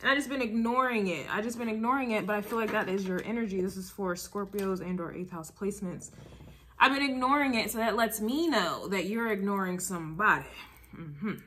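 Woman tarot reader, casual and emphatic, a bright, punchy voice that sits a little low, slight background hiss. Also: brisk. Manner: emphatic, repeats herself, checks in with "all right?" and "okay?". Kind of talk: casual tarot reading to camera.

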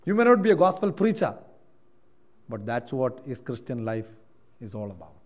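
This very animated sermon comes from a Kerala man with an Indian English accent, speaking at moderate speed in a medium pitch. Preaching in a church hall, he moves back and forth between soft reflection and loud emphasis.

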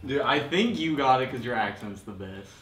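A young man playing a party game with friends, excitable and slangy. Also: mid-range voice, normal speed, recorded from a distance, faint music behind. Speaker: player. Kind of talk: casual group game chat. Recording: echoey room, slightly off-mic.

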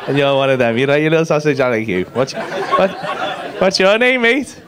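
A man's voice: fairly high pitch, lively intonation, fairly quick. A male stand-up comedian doing cheeky, sweary crowd work, teasing the front row with banter. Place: comedy club stage. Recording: live club recording with crowd noise. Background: audience laughter.

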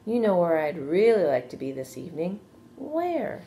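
A woman's voice: sing-song, normal speed, warm tone, slight background noise. A woman voicing a young, anxious and eager male pig in a read-aloud storybook, earnest and pleading. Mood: wistful. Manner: earnest, pleading, higher than her narration.

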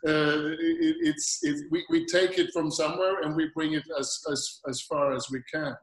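A man's voice: fairly high pitch, fairly even intonation, normal speed. A man and trumpet player chatting on a video call, restarting his sentences and laughing between phrases. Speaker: trumpet player leading the talk. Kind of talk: casual video call chat. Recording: roomy video call audio.

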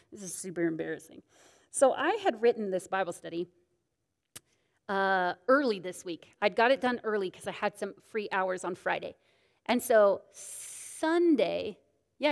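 A woman in her thirties, teaching a women's Bible study in a candid, self-deprecating, storytelling way. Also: fairly high pitch. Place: church meeting room. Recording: long church reverb.

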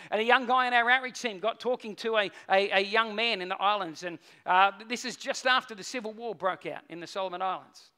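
A man preaching a sermon, telling stories, swinging from loud urgent peaks to low quiet stretches. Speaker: pastor.

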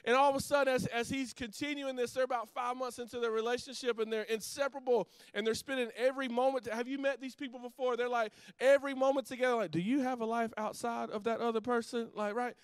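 A middle-aged man preaching a sermon as pastor, telling a story with lively restarts and asides to the congregation. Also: very high-pitched, fast talker, few pauses, clean tone, no room sound.

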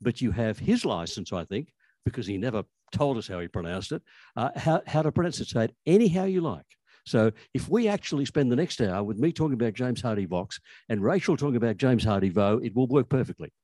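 A man's voice: mid-range voice, lively intonation, quick pace, dark tone, no echo. An older Australian man giving a conversational, anecdotal talk about language history, with frequent restarts. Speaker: author speaking on language history.

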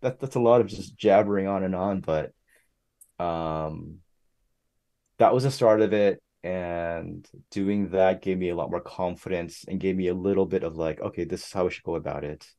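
Young guy guesting on a podcast, lowish mellow voice, chatty, gets animated and squeaky doing quotes. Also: a little slow. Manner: animated storytelling, jumps up in pitch when quoting people. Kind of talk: casual interview chat.

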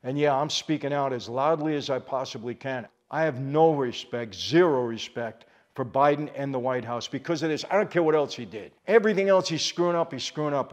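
An older man hosting his channel, giving impassioned, emphatic commentary to camera. He repeats phrases for force and calls out to viewers as "people.". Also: mid-range voice. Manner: addresses viewers directly as "people". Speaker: channel host.

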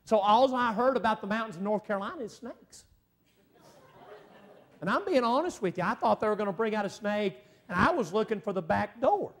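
High-voiced preaching man, loud to hushed. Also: animated, brisk. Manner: swings from loud shouting to hushed, emotional storytelling. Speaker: evangelist. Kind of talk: revival sermon testimony. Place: church sanctuary.

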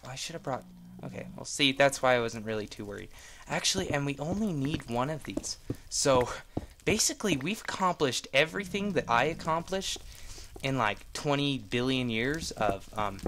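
A man chats through his game session in casual let's-play style, jumping between rambling asides and excited exclamations. His voice sits at an ordinary middle pitch. A clear hiss of background noise runs under the home mic recording. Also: moderate pace. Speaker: gameplay video host.

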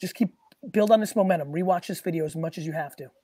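A man hosts a live call-in question show over a video call, talking bluntly and emphatically and swearing freely. His voice is husky and slightly hoarse. The sound is dry, with no room echo. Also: high voice, fast talker. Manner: blunt, profane and emphatic, often shouting. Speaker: host answering callers' questions.

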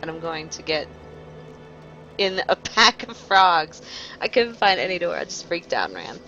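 A woman's voice: lowish voice, big pitch swings, normal speed, pushed and bright, highs cut off, faint music behind. A young woman streaming a video game live, chatting with her viewers and joking as she panics at what happens on screen. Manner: jokey, panicky, talks to chat. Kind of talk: live gameplay commentary.

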